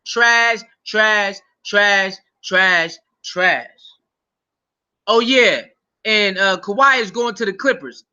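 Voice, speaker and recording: A man hosting his channel, giving excitable, profane reaction commentary. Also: sits high, slow pace, clean tone, dull audio. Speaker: channel host.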